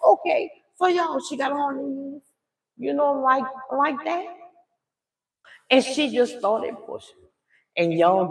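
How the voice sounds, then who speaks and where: An older woman telling a dramatic story to her viewers in a chatty, animated way. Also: sits high, slow, echoey room. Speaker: live streamer telling a story.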